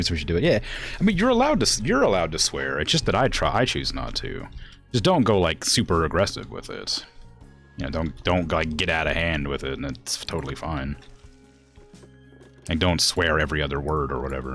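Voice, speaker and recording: Male streamer, deep and animated, casual banter over soft background music. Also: fairly quick. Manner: chatty, answers chat, laughs between phrases. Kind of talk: casual game stream commentary.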